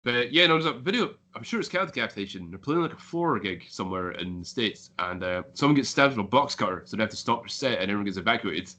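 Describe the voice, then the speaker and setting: A man's voice: on the low side, lively intonation, quick pace, few pauses, pushed and bright. A Scottish man, a band member, telling rambling stories in casual chat and swearing freely. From Scotland.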